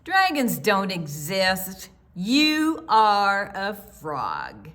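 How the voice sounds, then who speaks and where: A woman's voice: mid-range voice, huge pitch swings, very slow, a bit bright, heavily acted. A woman voicing a chorus of bossy, know-it-all frogs in a chirpy, preachy way. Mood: smug.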